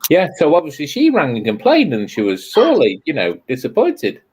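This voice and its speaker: A woman's voice: deep voice, huge pitch swings, fairly quick, darkish tone, breathy edge. A woman hosting a casual live stream chat, telling rambling stories full of restarts and dry jokes.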